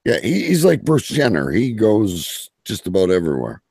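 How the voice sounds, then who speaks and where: A man's voice: lowish voice, huge pitch swings, normal speed, gravelly, warm tone, breathy edge, dry recording, studio quality. A Canadian man on a livestream podcast as a guest, chatting casually in a joking, self-deprecating way.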